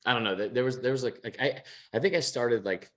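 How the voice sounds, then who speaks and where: A man's voice: medium pitch, quick pace. A young man co-hosting a sports podcast, chatting casually, rambling with lots of restarts and swearing. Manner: rambling, swears a lot, many restarts, laughs at himself. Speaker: podcast co-host. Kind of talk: casual chat.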